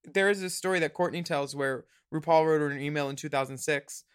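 A man's voice: a little high, a little fast, clean tone. Campy chatty man co-hosting. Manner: campy, chatty, laughs often. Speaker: podcast co-host. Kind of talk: casual chat recapping a reality show.

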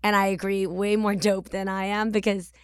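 A woman's voice: medium pitch, level tone, moderate pace, smooth, dry recording. A woman in her forties from the Bay Area, hosting a podcast in a chatty, playful, candid and reflective monologue at a studio mic. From San Francisco Bay Area. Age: 40s. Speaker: podcast host.

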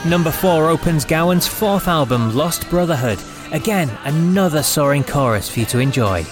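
A man's voice: on the high side, animated, moderate pace, music in the background. A man hosting a podcast in an upbeat, friendly way. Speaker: podcast host.

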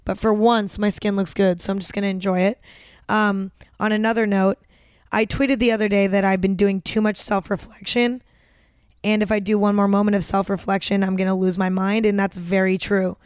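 A woman's voice: mid-range voice, little pitch movement, normal speed, darkish tone, clean tone, no echo, studio quality. A young woman hosting her own podcast, chatting casually in a rambling, self-deprecating way, full of fillers and swearing, a little groggy from an early start. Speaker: podcast host. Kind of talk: casual solo podcast chat.

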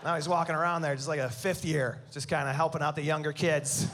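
A sarcastic stand-up comedian in his thirties, teasing the crowd with a raised, high voice. He works a live stage, and the audience's noise comes through clearly behind him. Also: fairly even intonation, quick pace, hardly any pauses. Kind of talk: stand-up set.

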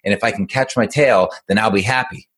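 A man voicing an excitable young male dog in a spoken story. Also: fairly low pitch, a little fast, natural voice. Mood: excited. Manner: eager, breathless storytelling.

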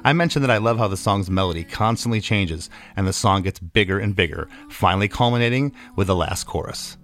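Male podcast host, low voice, friendly casual interview, repeats words, faint music behind. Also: fairly quick, a bit bright.

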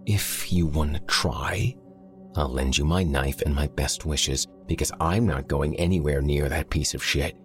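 A man's voice: a bass voice, measured pace, faint music behind. A male narrator voicing a hardened, injured man who talks bluntly and gives orders. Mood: snarling. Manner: blunt, commanding, snarling. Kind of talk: audiobook character voice.

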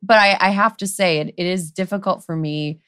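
A woman's voice: lowish voice, fairly quick, a bit bright, clean tone, dry recording, clean studio sound. A woman co-hosting a podcast, talking in a loose, rambling way with lots of "like" and "you know". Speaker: podcast co-host. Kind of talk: casual conversational chat.

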